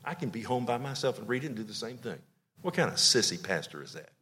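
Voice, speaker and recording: A middle-aged male pastor preaching a sermon with emotion, swinging from loud declarations to hushed, tender lines. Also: medium pitch, very animated, fast talker.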